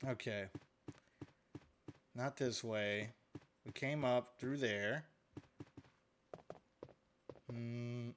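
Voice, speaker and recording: A man's voice: mid-range voice, drawn-out words, pauses often, a little hiss or hum. A man giving live gameplay commentary as a streamer, joking and chatting with his viewers while he plays.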